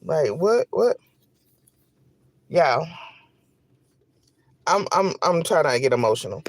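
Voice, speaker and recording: A man content creator telling an animated, repetitive storytime straight to his viewers. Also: on the high side, slow pace, pauses often, no echo. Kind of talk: storytime vlog.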